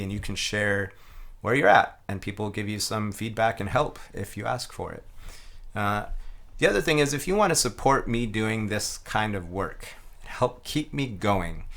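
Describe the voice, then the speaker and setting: Male instructor, lowish voice, thoughtful and easygoing, talks through technique step by step. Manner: relaxed, reflective, chanting rhythm syllables aloud. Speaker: didgeridoo teacher. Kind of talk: explaining a playing technique.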